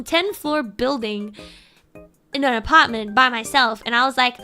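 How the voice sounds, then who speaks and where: A woman streamer telling a childhood story in casual chat, animated and laughing often, with sudden shouted impressions. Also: high voice, normal speed. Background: soft background music.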